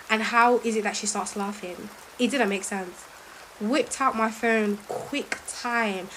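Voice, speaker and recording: A woman, telling a story in an animated, emphatic way and reciting verses quickly. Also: medium pitch, slight background noise, poor audio. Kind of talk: casual storytelling.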